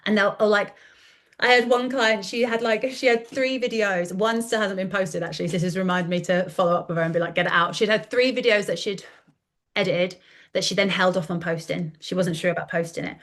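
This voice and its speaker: A woman in her thirties, a content coach talking in a casual podcast interview, chatty and animated, often acting out quoted dialogue. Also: mid-range voice, a little fast. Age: 30s.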